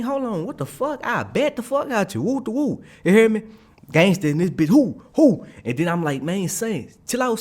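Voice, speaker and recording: A young man casually telling a story in an animated, slangy way, often checking in with his listeners. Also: mid-range voice. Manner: animated, slangy, keeps asking "you hear me?". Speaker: streamer.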